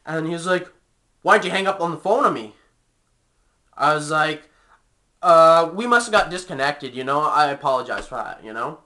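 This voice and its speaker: A man's voice: fairly high pitch, bright, forceful tone. A young man tells an angry, profane story about his job in a casual rant, using plenty of fillers. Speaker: vlogger.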